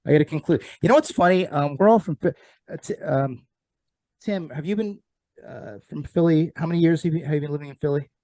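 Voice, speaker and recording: A man's voice: on the high side, brisk, dark tone, no room sound. Brief: male streamer host, chatty and scattered, dry close sound. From South Jersey. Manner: chatty, scattered, talks to his dog mid-show. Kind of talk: casual interview chat. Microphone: computer mic on a live stream.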